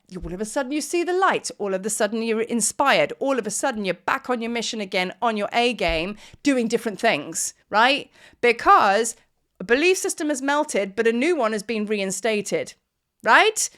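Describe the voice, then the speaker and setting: A woman, giving a casual, animated spiritual energy talk as a teacher, laughing now and then. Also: on the high side, normal speed. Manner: chatty, animated, often asks "do you know what I mean".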